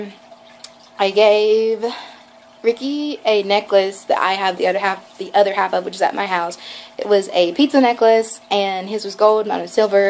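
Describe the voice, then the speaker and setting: A woman's voice: medium pitch, slight background noise, rough recording. Gushing young woman telling a story. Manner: gushing, rambling, lots of "like" and acted quotes. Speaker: vlogger. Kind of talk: casual storytelling vlog.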